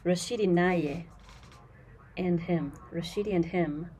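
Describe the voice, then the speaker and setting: A lower-pitched woman talks through a language lesson in a relaxed, unscripted way. She explains patiently, slows right down to repeat phrases and speaks frankly when something is wrong, over a faint hiss of background noise. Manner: frank and critical of the translations. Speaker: Swahili teacher. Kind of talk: casual screen-recorded lesson commentary.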